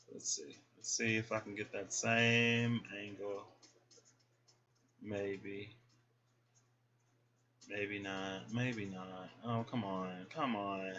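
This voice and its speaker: A man's voice: fairly low pitch, a bit bright, lo-fi sound. Folksy man reading tarot. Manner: chatty, folksy, talks to viewers as y'all. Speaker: tarot reader. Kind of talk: casual tarot reading vlog.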